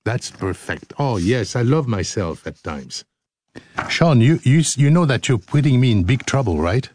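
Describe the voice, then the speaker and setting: Playful, lively-voiced radio host man. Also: medium pitch, a little slow, slight background noise. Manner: playful, jokey, breaks into laughter and sing-song. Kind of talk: playful outtakes chat.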